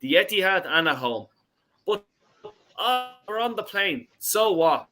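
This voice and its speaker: A man's voice: high voice, sing-song, unhurried, bright, forceful tone. Ranting sweary football show host man. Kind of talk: heated football call-in chat.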